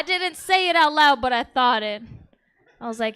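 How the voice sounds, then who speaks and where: A woman's voice: high-pitched, expressive, unhurried, pushed and bright. A woman doing a stand-up set on a comedy stage, candid and giggly, talking straight to the audience. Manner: giggly, candid, crowd-work. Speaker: stand-up comic.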